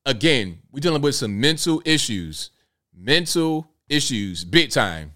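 A man's voice: mid-range voice, sing-song, measured pace, sharp tone. A man in his thirties hosting a casual commentary show, chatty and incredulous as he talks through a clip. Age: 30s. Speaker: host.

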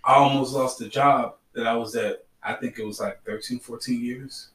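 A man's voice: mid-range voice, steady tone, moderate pace, fairly bright tone, recorded from a distance. Blunt man, roomy and set back. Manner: blunt, preachy, repeats himself. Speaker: podcast co-host. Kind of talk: casual podcast chat.

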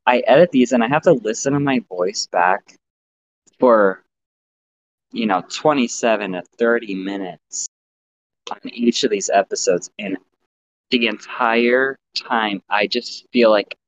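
A man in his thirties co-hosting a casual podcast, joking and often jumping into high-pitched impressions. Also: measured pace, dull audio, slight background noise. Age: 30s. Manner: animated, jokey, slips into high-pitched impressions. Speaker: podcast co-host and editor.

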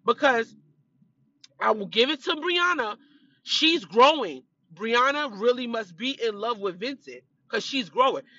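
Gossipy woman telling the tea, kinda stuffy from allergies, bright sharp voice. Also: on the high side, animated, measured pace, no echo, muffled recording. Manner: chatty, gossipy storytelling. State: congested, clearing throat. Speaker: reality show recapper. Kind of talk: casual chat.

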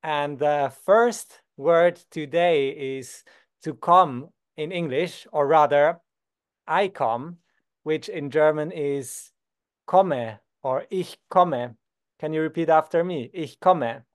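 A young Swiss man teaching beginners basic German, calm and patient, slowing down to model each word. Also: fairly high pitch, smooth. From Switzerland. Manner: patient, slows down to model words. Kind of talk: beginner language lesson.

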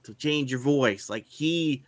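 A man's voice: medium pitch, takes it slowly, dry recording. A man co-hosting a movie review podcast, retelling anecdotes with acted-out quotes. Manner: animated, acts out quotes while telling. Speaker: podcast co-host. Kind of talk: casual movie review chat.

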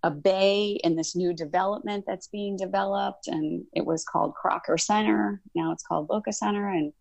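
A woman's voice: mid-range voice, normal speed, gravelly, dry recording, dull audio. A middle-aged woman, a college instructor, telling her story in a casual interview and acting out past conversations. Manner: animated, acts out past dialogue in quoted voices.

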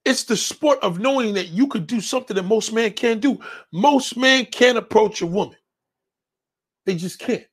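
A man's voice: high-pitched, moderate pace, husky. A man hosting a show, reading viewer comments and answering them in a blunt, confrontational rant full of swearing. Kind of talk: profane ranting commentary.

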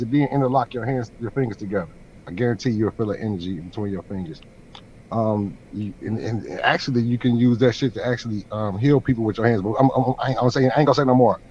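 A man's voice: mid-range voice, quick pace, darkish tone, lo-fi sound, slight background noise. A man hosting a YouTube channel, chatting casually with a friend and often repeating words and restarting sentences. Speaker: YouTube host. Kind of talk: casual chat.

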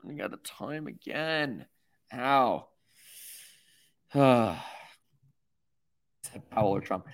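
A man's voice: medium pitch, animated, extremely slow, gravelly, pauses often. A man hosting a livestream, rambling and self-mocking with lots of fillers. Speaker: host. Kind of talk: livestream commentary.

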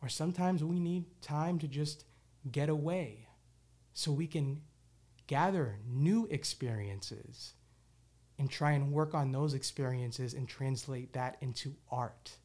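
A man's voice: fairly high pitch, slow pace, darkish tone. A man hosting his own show, talking candidly and reflectively in a casual monologue, with loose restarts and the odd swear word. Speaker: podcast host.

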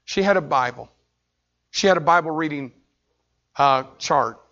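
A pastor preaches a sermon in a slightly high, unhurried voice, telling a story that swings intensely between shouting and hushed tones. The sound quality is lo-fi.

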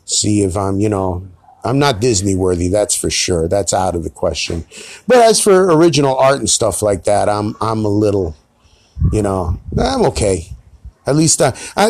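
A man's voice: on the low side, sing-song, normal speed, darkish tone, no echo. A middle-aged man, hosting a solo podcast in a rambling, self-deprecating way with some swearing. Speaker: podcast host.

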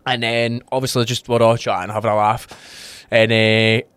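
With a smooth voice at normal speed and an ordinary male pitch, a Scottish man co-hosts a podcast, telling lively tales in casual conversation. He acts out what others said and laughs frequently, and the sound is dry and close with no echo.

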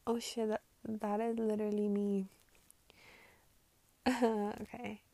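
Gravelly woman ranting with heavy swearing. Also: mid-range voice, flat delivery, takes it slowly, dry recording. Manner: swings between loud outbursts and muttered asides. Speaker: vlogger reacting to posts. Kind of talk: casual profane rant.

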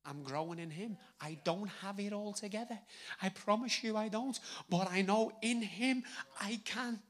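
A man with a Scouse accent preaches to a congregation, his voice sitting on the high side for a man. He talks plainly and conversationally, jumping from loud, pressing emphasis down to soft, near-whispered asides, speaking into a handheld mic. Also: moderate pace. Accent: Liverpool (Scouse). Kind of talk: live sermon. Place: church hall with congregation. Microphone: handheld microphone.

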